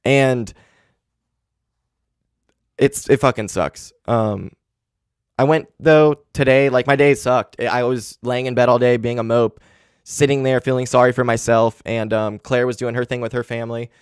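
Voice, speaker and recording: A man's voice: medium pitch, fairly even intonation, normal speed, clear, resonant tone, no echo. A man in his twenties talks alone into a handheld podcast mic, his mid-range voice dry and close. He is candid and heavy with grief, swears often, and leans on "like" and "um" as he talks. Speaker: podcast host. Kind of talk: casual solo podcast monologue.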